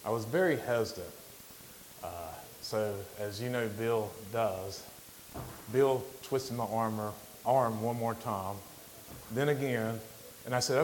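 A middle-aged man giving an informal sermon as a guest speaker, plainspoken, halting, with frequent restarts. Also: fairly low pitch, a little mellow, a little hiss or hum, rough recording. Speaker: guest lay preacher.

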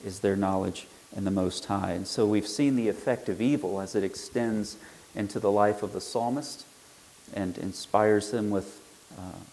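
Man, low voice, Bible teacher, measured explanation, emphatic on key words. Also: warm tone, rough recording.

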